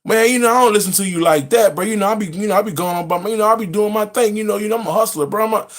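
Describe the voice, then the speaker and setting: A man voicing a frightened rich caller who stammers and fills every pause with filler words. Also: high voice, a bit bright, pitched above the performer's own voice. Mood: defensive.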